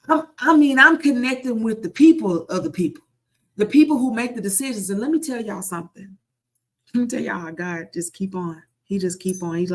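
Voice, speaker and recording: A woman content creator telling a story in a casual vlog, repeating phrases for emphasis and slowing into a preacher-like cadence. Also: mid-range voice, fairly bright tone. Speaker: content creator and online group founder.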